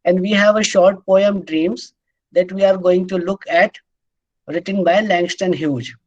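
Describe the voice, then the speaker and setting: A man giving a classroom lecture, explaining patiently, repeating his points and pausing often on "uh". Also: high voice, fairly even intonation, darkish tone, lo-fi sound.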